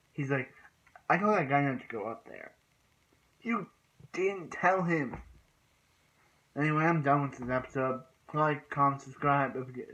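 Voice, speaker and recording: A man's voice: mid-range voice, bright, forceful tone, rough recording. A man casually recapping and reviewing a TV episode, rambling with many restarts and fillers and bursts of exasperation.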